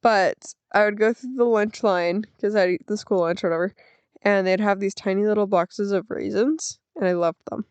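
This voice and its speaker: A woman's voice: mid-range voice, steady tone, moderate pace, darkish tone, smooth, dry recording. A young woman hosting a casual solo podcast, chatting in a rambling, self-deprecating way with lots of fillers, close to the mic. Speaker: podcast host.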